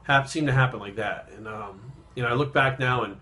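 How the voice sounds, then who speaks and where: A man in his thirties, a fitness vlogger, telling a personal story in a rambling, halting way, subdued and reflective, with frequent swearing. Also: mid-range voice, sharp tone.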